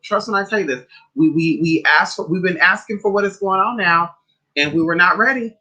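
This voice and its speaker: A man livestreaming as a spiritual advisor, chatting casually and sassily with viewers, calling them honey and girl. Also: fairly quick. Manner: animated storyteller with big pitch swings.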